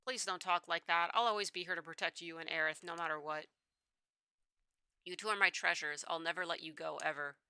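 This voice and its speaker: Doting male scientist dad, soft and tender, read by a woman, bright tone. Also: fairly low pitch, brisk, clean tone, dry recording, voice pushed down.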